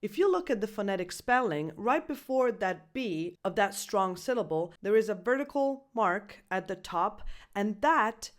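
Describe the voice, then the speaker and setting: A woman with a mid-range voice, a native Italian speaker, teaching pronunciation in a video lesson. She speaks in a clear, deliberate way. She slows down to model each sound and to spell out letters. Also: medium pitch, lively intonation. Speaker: English pronunciation coach.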